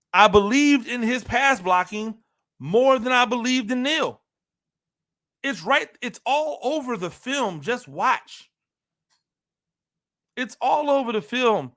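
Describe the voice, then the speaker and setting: A football analyst host delivers an animated sports talk monologue in a high, bright voice. He's emphatic, hammering points home by repeating phrases, and talks directly to listeners, peppering them with rhetorical questions.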